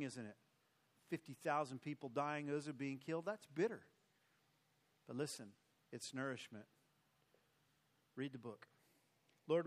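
A male pastor closing his sermon with emphatic, repetitive exhortation, then leading his church in prayer. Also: mid-range voice. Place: church sanctuary.

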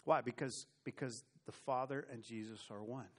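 A middle-aged man preaching a sermon with animated swings between loud and soft, with humorous asides. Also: medium pitch, normal speed. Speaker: pastor.

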